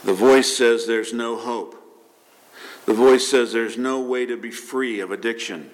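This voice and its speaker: A male pastor preaches a sermon in a voice of ordinary, middle pitch. He delivers it in an animated way, throws rhetorical questions at the congregation and repeats words as he builds toward his points. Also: unhurried.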